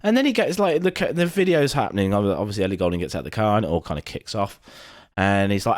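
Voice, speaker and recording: With a fairly low voice, this British podcast co-host talks quickly and hardly pauses, recorded in studio quality with no room sound. He's spinning an animated story in casual conversation, cursing heavily and performing the quotes.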